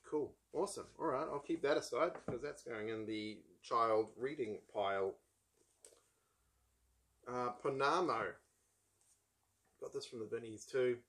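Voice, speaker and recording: A man's voice: medium pitch, fairly bright tone. A man from New Zealand with a New Zealand accent, hosting a casual book chat in a rambling, wry way, full of ums and asides. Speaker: book channel host.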